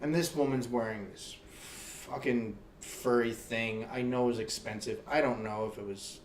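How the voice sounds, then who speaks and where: Guy host telling a story, cusses a lot, roomy echo, mid pitch. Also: moderate pace, recorded from a distance, a little hiss or hum. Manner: profane, animated storyteller. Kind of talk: casual interview chat.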